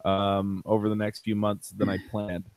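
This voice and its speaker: A man's voice: fairly low pitch, monotone, normal speed, dry recording. A man joking playfully in a casual podcast chat. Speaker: podcast guest.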